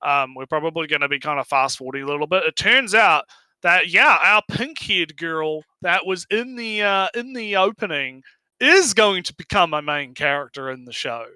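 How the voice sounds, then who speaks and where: A man co-hosting a casual anime discussion stream, excitable, laughing often and restarting his sentences. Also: fairly high pitch, moderate pace, smooth, no echo. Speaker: stream co-host.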